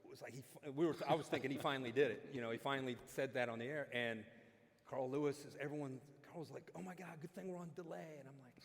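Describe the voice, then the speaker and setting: A man spins an animated anecdote for a dinner crowd, jumping into the voices of the people in it. His voice sits in the middle range and carries the long reverb of a large hall. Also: mid-range voice, fast. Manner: animated, acts out quotes. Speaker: guest speaker. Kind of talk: storytelling on stage.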